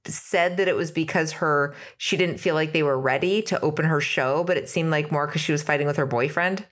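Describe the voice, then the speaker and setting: A woman co-hosting a podcast in lively, teasing casual chat. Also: low voice, brisk.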